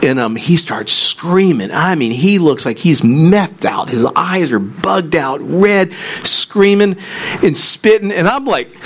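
Animated storytelling male preacher. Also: slow, slightly rough. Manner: animated storytelling, rising high when excited. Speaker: pastor. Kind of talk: sermon with storytelling.

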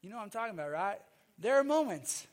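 A male pastor preaching in a strikingly high voice. He presses his points by repeating phrases and calling for amens. His delivery swings from loud insistence to quiet, hushed lines. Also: big pitch swings, fast. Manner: emphatic, repeats phrases, calls for amen. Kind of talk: sermon.

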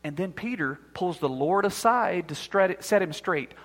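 A man's voice: sits high, animated, unhurried, in a large hall. A man preaching a sermon as pastor, acting out the quoted voices as he speaks.

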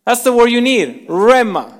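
A man preaching a sermon as pastor, swinging from strong emphasis down to soft, near-whispered lines and asking the congregation to repeat words after him. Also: very high-pitched, big pitch swings, normal speed, long reverb tail.

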